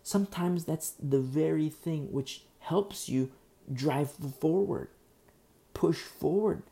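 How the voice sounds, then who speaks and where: A man's voice: fairly high pitch, takes it slowly, gravelly, mellow. A man preaching a sermon as pastor, emphatic and repetitive, often restarting his sentences.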